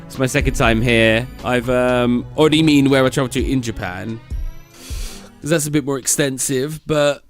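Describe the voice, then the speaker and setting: A man's voice: mid-range voice, normal speed, faint music behind. A British man chatting casually on a live stream, rambling and reading out and answering viewers' messages. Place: indoors at a gaming computer.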